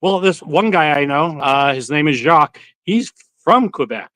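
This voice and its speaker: A man's voice: a little high, animated, moderate pace, fairly bright tone, dry recording, rough recording. A man hosting a casual live-stream chat, telling rambling stories and swearing casually. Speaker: host of a barbecue channel livestream.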